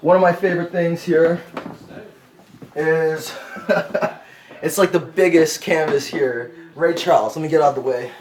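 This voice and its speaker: Man, chatty, laughs a lot, slightly high voice, casual shop tour. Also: steady tone, unhurried, darkish tone, a little hiss or hum. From Canada. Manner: chatty, laughs often, uses "check this out". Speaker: vlog host touring a shop. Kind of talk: casual walkthrough chat.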